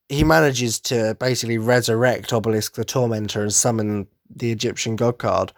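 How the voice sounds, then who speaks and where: A man's voice: medium pitch, no room sound, clean studio sound. A young man, gushing enthusiastically in a casual solo podcast monologue. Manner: enthusiastic fan gushing, quick asides. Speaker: podcast host.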